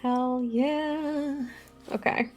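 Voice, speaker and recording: Higher-pitched woman playing a tabletop game. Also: steady tone, extremely slow, darkish tone, soft background music. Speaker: player. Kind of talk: casual tabletop game play.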